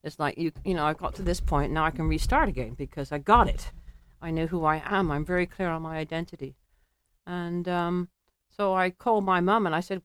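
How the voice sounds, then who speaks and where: A middle-aged English woman telling a personal story, animated and laughing, acting out quoted voices. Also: on the low side, fairly quick, no echo, clean studio sound. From England.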